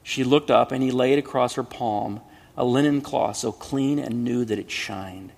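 Gravelly man reading a story aloud. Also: mid-range voice. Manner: measured, expressive, hushed at sad moments. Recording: long hall reverb.

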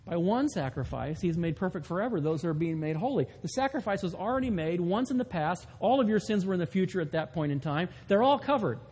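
Male pastor, earnest sermon delivery with slow, stressed key lines, slightly raised pitch, echoing sanctuary. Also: expressive, a little mellow, slight background noise. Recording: long reverb of a large hall.

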